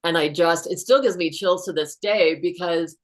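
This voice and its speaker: A woman in her fifties with a notably low voice tells a personal story as a guest author. She speaks in an earnest, unhurried way.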